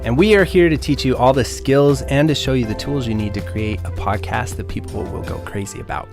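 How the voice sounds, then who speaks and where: A man's voice: mid-range voice, fairly quick, music in the background. A man co-hosting a podcast as its producer, joking and teasing his co-host. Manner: jokey, laughs easily, teasing. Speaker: podcast producer and creative director. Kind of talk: casual co-hosted podcast chat.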